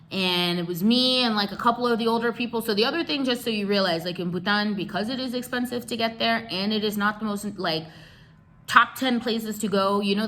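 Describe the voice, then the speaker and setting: A young woman recounts a trip in a loose, chatty vlog, throwing in slang and asides to her viewers. Her voice is bright and forward, with an everyday pitch. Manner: chatty, animated, slangy, addresses viewers as y'all. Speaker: travel vlogger. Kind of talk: casual storytelling vlog.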